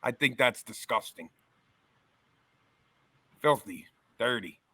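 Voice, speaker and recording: A man co-hosting a podcast, excitable and laughing at himself in casual banter. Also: mid-range voice, slow, slightly rough, dry recording. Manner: excitable, laughing, self-mocking. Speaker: podcast co-host.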